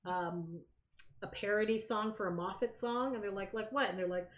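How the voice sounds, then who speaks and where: A woman's voice: medium pitch, moderate pace. Woman, from Canada, podcast co-host, casual chat, acts out quotes, echoey room. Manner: animated storyteller, acts out quotes.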